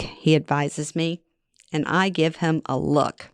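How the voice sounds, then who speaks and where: A middle-aged woman narrates her own memoir in a wry, self-deprecating, conversational tone. Her voice sits a little low. The recording is dry and close with no room sound. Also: flat delivery, unhurried, smooth, no echo. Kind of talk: first-person story narration.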